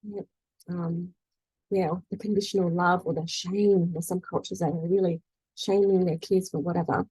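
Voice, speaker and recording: A woman's voice: fairly low pitch, level tone, normal speed, dark tone, husky, dry recording, poor audio. A middle-aged woman coaching a faith group in a chatty, casual way, often checking in with "right?" and acting out quoted voices. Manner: chatty, frequent "you know" and "right?", acts out quoted voices. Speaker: spiritual energy-healing coach leading a group meeting. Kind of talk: casual faith-based teaching talk.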